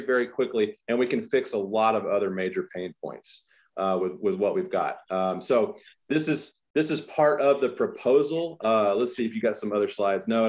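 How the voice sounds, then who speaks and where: A man giving a business presentation as a sales trainer, energetic, with many fillers and repeated words. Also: mid-range voice.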